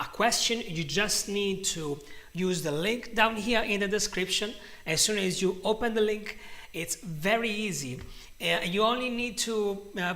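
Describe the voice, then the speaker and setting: A man's voice: high voice, pushed and bright. A young man teaching a live-streamed English lesson, greeting viewers in a chatty way and often restarting his sentences.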